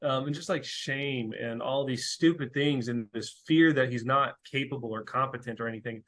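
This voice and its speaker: Brief: young man, mid-pitched, chatty guest who acts out quotes, loose and filler-heavy. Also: brisk, a bit bright. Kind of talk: casual conversational interview.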